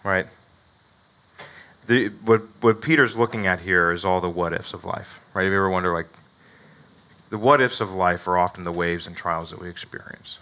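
A man's voice: sits low, moderate pace, pauses often, sharp tone, rough recording. A man preaching a sermon in a conversational way, often asking "right?" and chuckling between points. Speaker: pastor.

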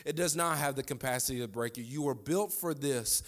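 A man's voice: mid-range voice, brisk. A man preaching a sermon, repeating his lines for emphasis and calling on the congregation to answer back. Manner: fervent call-and-response preaching, repeats phrases.

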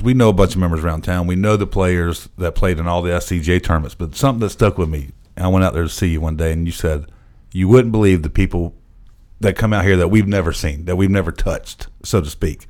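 A man's voice: deep voice, quick pace, darkish tone. A man hosting a casual golf chat, prompting his guest with questions and short replies.

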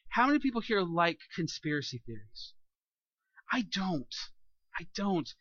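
A man preaching a sermon in a lively, joking way, acting out everyday scenes. His voice sits high and rings bright. The sound is dry and a little dull. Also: measured pace, slightly rough, no echo. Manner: animated, jokey preaching with acted-out asides. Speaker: pastor.

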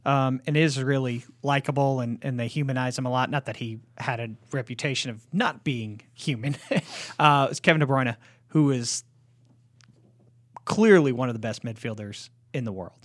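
A man's voice: mid-range voice, moderate pace, dry recording. A man hosting a sports card podcast, talking steadily and informatively with many short affirmations. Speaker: podcast host. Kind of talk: casual chat and card price rundown.

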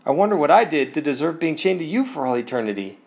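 A man's voice: fairly high pitch, sing-song, fast talker, a little mellow, voice pushed up. A man doing a delighted woman. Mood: pleased. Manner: pleased, wondering. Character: delighted young woman in heaven.

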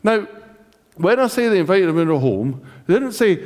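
Lively high-voiced British preacher. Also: male voice, brisk. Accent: British English. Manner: chatty, jokey, asks the congregation questions. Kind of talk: sermon. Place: church hall. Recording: church hall reverb.

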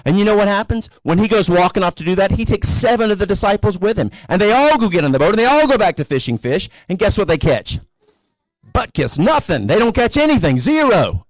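A male pastor preaching a sermon in a conversational storytelling way, sometimes rising to animated emphasis. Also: high voice, brisk, dry recording. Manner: conversational storytelling preacher, voices characters casually.

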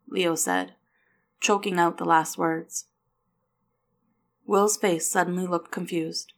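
A woman narrating a novel aloud, reading the dialogue softly and without strong character voices. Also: lowish voice, a little slow. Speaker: audiobook narrator. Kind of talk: scripted narration.

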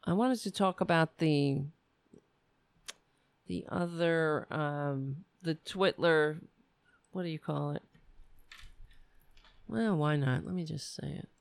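A woman hosting a live-stream show, ranting and rambling in casual chat as she thinks aloud, her voice going hoarse. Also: low-pitched, slow, pauses often, no room sound. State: losing her voice.

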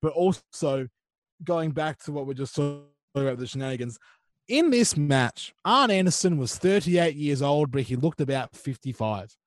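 A man's voice: a little high, animated, normal speed, dry recording. A man co-hosting a podcast, chatting casually in a playful, giggly way. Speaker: podcast co-host. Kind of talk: casual chat.

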